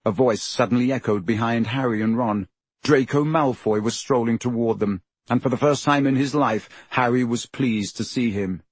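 Man, storybook narration, measured delivery, husky tone, dry recording. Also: medium pitch, no echo. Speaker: audiobook narrator.

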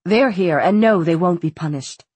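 A woman's voice: fairly low pitch, normal speed, darkish tone, husky, no echo. A woman doing a stern, formal woman official. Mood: grave.

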